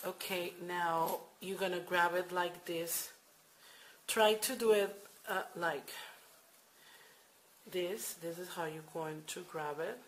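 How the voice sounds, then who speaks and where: Woman, lowish voice, unhurried homemade crochet tutorial, faint noise behind. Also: poor audio. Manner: hesitant, filler-heavy, repeats steps. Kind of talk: casual how-to demonstration. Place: home at night.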